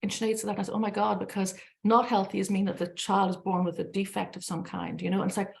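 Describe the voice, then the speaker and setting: Irish woman middle aged, talks fast and passionate on a panel, lots of ums. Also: medium pitch, level tone, gravelly, darkish tone. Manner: candid, passionate storytelling with many fillers. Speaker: panel speaker. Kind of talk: unscripted panel talk.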